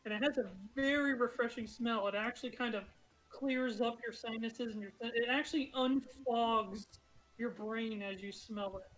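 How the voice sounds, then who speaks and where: Woman game master, fairly high voice, chatty and giggly narration full of fillers. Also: moderate pace, poor audio. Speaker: dungeon master.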